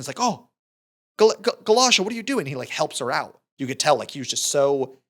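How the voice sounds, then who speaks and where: A man co-hosting a podcast in casual film discussion, retelling scenes in an animated way with many restarts. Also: mid-range voice. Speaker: podcast co-host.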